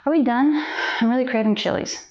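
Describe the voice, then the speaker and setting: A woman's voice: high voice, fairly quick, a little mellow, muffled recording, natural voice. An actress playing a cold, sardonic female filmmaker, with dry, sarcastic delivery. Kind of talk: film acting.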